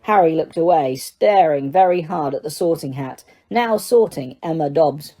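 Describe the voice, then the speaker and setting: A woman narrating an audiobook in a steady reading voice, with the odd stumble. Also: deep voice, moderate pace.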